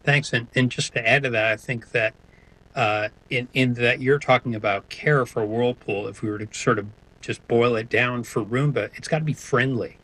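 A man's voice: mid-range voice, fairly even intonation, normal speed, a bit bright, low-quality recording. A man speaking as a guest in an interview, answering in a hesitant way with many restarts. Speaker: sonic branding guest.

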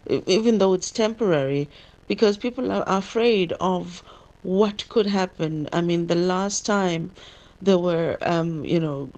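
Woman, field reporter, lowish voice, casual live report, fillers. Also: a little mellow. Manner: conversational, many fillers.

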